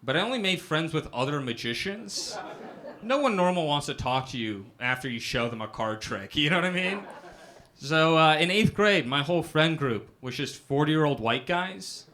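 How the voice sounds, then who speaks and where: A man's voice: on the high side, lively intonation, normal speed, pushed and bright. A young man doing a self-deprecating stand-up set, often asking "right?" after his punchlines. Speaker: stand-up comedian. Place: comedy club stage with a live audience.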